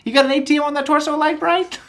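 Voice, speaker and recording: A shrill, scolding emperor, as a man puts him on, firing off mocking questions in a pinched voice pushed far above his own. He berates a hapless underling like a cartoon boss. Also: fairly even intonation, fast talker, fairly bright tone. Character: nagging, scolding galactic emperor, male.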